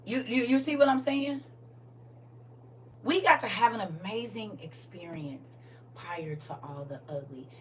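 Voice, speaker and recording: A woman hosting a casual livestream chat with her viewers, swinging from soft murmurs to loud, excited exclamations. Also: medium pitch, a little slow. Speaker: livestream host. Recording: distant mic with faint background hum.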